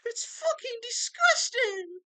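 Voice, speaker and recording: Shrill sobbing whiny character, put on by a man, wailing and squealing, far higher than his own voice, distant from the mic. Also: sing-song, slow, pushed and bright, heavily acted. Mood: sobbing outrage.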